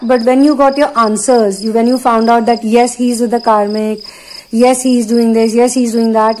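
A woman giving an earnest spiritual talk to her listeners, pausing now and then to channel messages. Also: on the high side, a little mellow, a little hiss or hum, rough recording. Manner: earnest, repetitive, pauses to channel. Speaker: spiritual reader.

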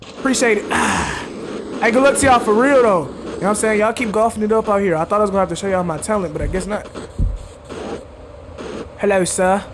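A man streaming a game with casual commentary, bragging playfully and now and then shouting at game characters. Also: sits high, a little fast, long pauses, noisy background. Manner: boastful, playful trash talk. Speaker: gaming streamer. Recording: loud game sound behind voice.

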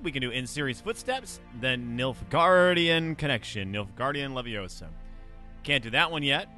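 A man's voice: on the high side, bright, forceful tone. A man casually commenting on his own video game playthrough, joking and talking back to the characters on screen. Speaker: gameplay commentator. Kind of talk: let's play commentary. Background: game music.

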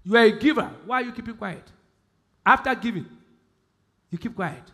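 A male pastor with a Nigerian accent preaching a sermon, asking the congregation questions and repeating key phrases, swinging between loud emphasis and quiet speech. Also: extremely high pitch, normal speed. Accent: Nigerian English.

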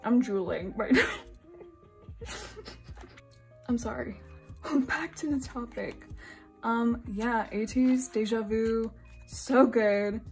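A young woman from Singapore chatting casually while unboxing albums, giggly and gushing, now and then breaking into high squeals. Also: takes it slowly, pauses often, a little mellow, faint music behind. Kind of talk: excited casual chat.

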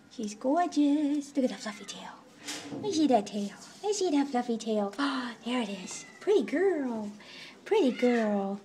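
A woman at an animal shelter talking to a caged cat in soft, cooing baby talk while filming it on a handheld camera. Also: a little high, slight background noise. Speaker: shelter volunteer showing an adoptable cat. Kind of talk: casual filmed pet showcase. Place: animal shelter, indoors by cages.

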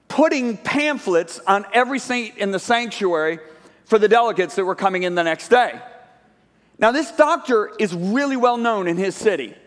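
High-voiced man preaching in a reverberant church. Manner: animated storytelling, acts out dialogue. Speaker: guest preacher. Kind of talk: sermon storytelling. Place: large church sanctuary. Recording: live church hall reverb.

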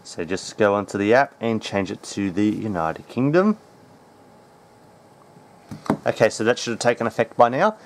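A man hosting a casual tech how-to, talking in a relaxed, chatty way with plenty of ums. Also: on the low side, normal speed, pauses often, a little hiss or hum. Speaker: tech tutorial host.

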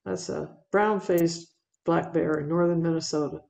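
A woman giving a public wildlife talk, narrating her photos in a conversational, animated way with fillers and repeated words. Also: lowish voice, moderate pace, gravelly, echoey room. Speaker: wildlife speaker presenting slides.

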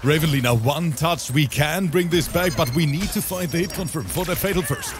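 A man calling a fighting-game match live, with chatty, energetic play-by-play. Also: on the high side, brisk. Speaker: esports commentator. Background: game music.

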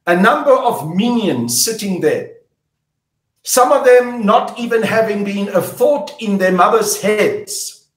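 A man's voice: high voice, roomy sound. Angry, defiant South African man. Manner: defiant, emphatic, declamatory. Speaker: politician. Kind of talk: angry public statement.

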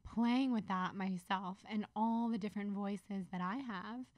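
A woman's voice: medium pitch, a little slow, no room sound. A woman guest on a podcast, talking in an earnest, reflective way with a bit of a Valley Girl lilt. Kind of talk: casual chat.

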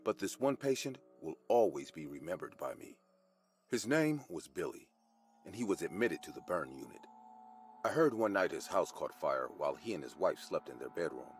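A man telling a first-person horror story as scripted, expressive narration. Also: low-pitched, normal speed, slight background noise.

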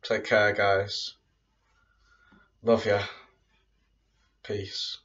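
Here a man with a low, flat voice vlogs extremely slowly, signing off to his viewers from a room in his home. His casual address to the camera rambles, returning again and again to "but yeah, guys." The sound is dull and lo-fi, as the mic sits some distance away.

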